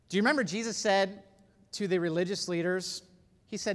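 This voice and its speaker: A man preaching a sermon, reading scripture and explaining it, with earnest emphasis that swings between loud stresses and hushed, low passages. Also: lively intonation, brisk. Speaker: pastor. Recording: long hall reverb.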